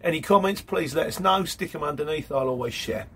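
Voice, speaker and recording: A man with a high-ish, slightly rough and bright voice speaks briskly as he reads comments from viewers on his channel. His replies wander in a chatty, matey manner, typical of a casual live stream.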